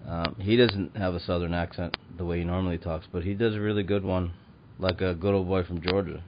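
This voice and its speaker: A man with a very low voice hosts a podcast in loose, casual chat. He rambles and hesitates, with plenty of fillers. The audio is dull and lo-fi, with a clear hiss of noise underneath. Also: steady tone, a little fast. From Chicago. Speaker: podcast host.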